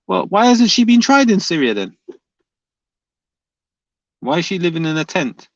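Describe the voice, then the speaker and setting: Gravelly-voiced man arguing with comments. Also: high voice, sing-song, normal speed, no echo, muffled recording. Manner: argumentative, repeats questions back at commenters. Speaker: streamer reading viewer comments. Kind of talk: live comment-reading debate.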